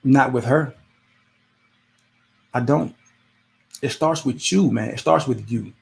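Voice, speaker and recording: Gravelly man giving casual advice. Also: mid-range voice, slow pace. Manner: conversational, repetitive, preachy with rhetorical questions. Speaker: podcast host. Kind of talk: casual motivational monologue.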